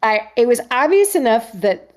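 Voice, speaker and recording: A woman's voice: on the high side, normal speed. Candid middle-aged woman telling a story. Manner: animated, acts out others' lines in voices, frequent restarts. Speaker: interview guest, actress.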